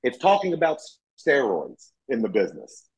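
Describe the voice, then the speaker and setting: A man in his forties with a Virginia accent talks over a video call. He is easygoing and self-deprecating, and his voice sits at a middle pitch. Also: huge pitch swings, moderate pace, highs cut off. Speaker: guest. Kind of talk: casual chat on a video call.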